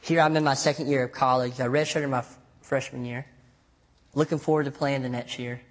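A young man preaching a sermon as pastor, telling stories with lively acted-out voices and self-mocking jokes. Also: medium pitch, a little fast. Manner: animated storytelling, acts out voices in quotes, self-mocking jokes.

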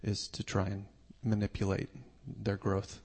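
Slow gravelly guy moderating a church panel, echoey hall. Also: lowish voice, monotone, a little mellow.

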